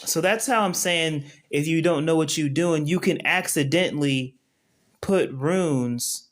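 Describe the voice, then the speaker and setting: A spiritual teacher with a somewhat high-pitched voice speaks at a measured pace in a casual live-stream tutorial. He walks viewers through each step conversationally, often checking in to make sure they're keeping up.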